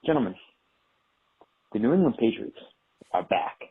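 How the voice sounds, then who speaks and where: A man calling in to a podcast, talking excitedly with rising emphasis. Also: mid-range voice, moderate pace, breathy edge. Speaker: caller. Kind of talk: phoned-in voicemail. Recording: tinny phone line.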